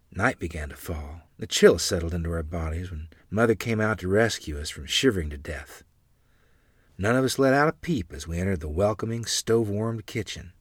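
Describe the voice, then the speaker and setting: A man reads a memoir aloud as its narrator, telling the story expressively. His voice is very low and husky, and his pitch moves around a lot. The recording is dry and close. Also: no room sound.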